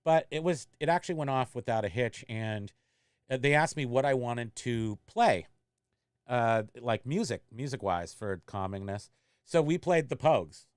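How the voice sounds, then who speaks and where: A man's voice: medium pitch, lively intonation, moderate pace, smooth, no echo, studio quality. A man hosting a casual resale livestream, telling a rambling, self-mocking story while reading chat. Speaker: eBay reseller hosting a livestream.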